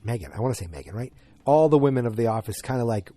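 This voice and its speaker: A man's voice: mid-range voice, lively intonation, fast talker, dark tone, no room sound. A man hosting a podcast, chatting through an episode recap in a rambling way that flares into exasperation. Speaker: podcast host.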